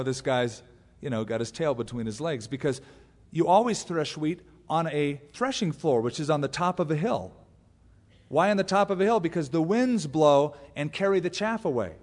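A man's voice: on the high side, big-room sound. A man pastor teaching a Bible sermon, telling the story with humor and acting out the quotes. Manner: animated storyteller who acts out quotes with humor.

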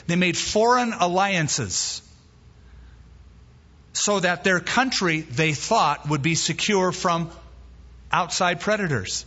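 A man preaching a sermon as pastor, emphatic and slowing down to stress key words. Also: high-pitched, pushed and bright, husky. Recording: muffled hall recording with long reverb.

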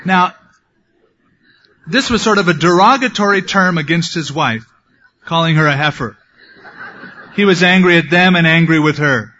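Bright-toned preacher, lo-fi sound. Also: male voice, a little high, moderate pace, slight background noise. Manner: conversational Bible teaching with wry asides. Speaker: pastor. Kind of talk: sermon.

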